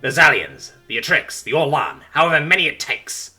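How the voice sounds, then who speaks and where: A man's voice: medium pitch, sing-song, brisk, bright, forceful tone, faint music behind, pitched above the performer's own voice. A man voicing a haughty, imperious female alien ambassador with eight eyes, speaking with contempt. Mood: contemptuous. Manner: haughty, indignant.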